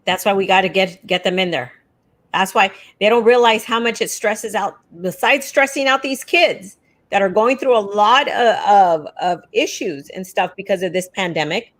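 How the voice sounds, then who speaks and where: A woman's voice: medium pitch, normal speed, a bit bright. A woman co-hosting a casual talk stream for teachers, exasperated and openly sarcastic. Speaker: co-host of educators' union livestream. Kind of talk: casual chat.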